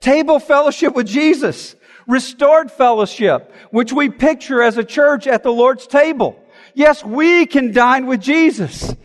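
Pastor guy preaching, real high voice, earnest emphatic sermon, big echoey church sound. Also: unhurried.

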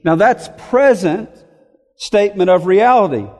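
A man's voice: high-pitched, animated, a little slow, big-room sound. A man preaching a sermon, reading scripture verses aloud and explaining them phrase by phrase. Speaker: pastor.

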